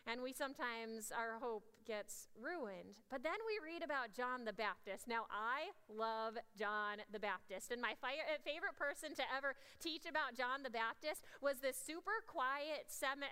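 Woman pastor, high bright voice, earnest sermon, long church reverb. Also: normal speed. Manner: earnest, swings between hushed and emphatic. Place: church sanctuary.

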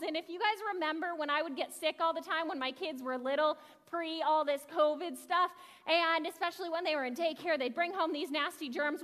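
A woman pastor gives a sermon in a bright, high voice. She talks fast and animated, telling stories to her congregation, and a long church reverb trails after each phrase. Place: church sanctuary.

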